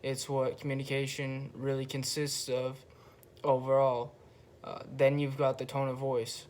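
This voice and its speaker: Flat-voiced young man musing casually. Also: medium pitch. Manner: slow, flat, relaxed delivery with pauses and frequent swearing. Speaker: podcast host. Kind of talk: casual monologue.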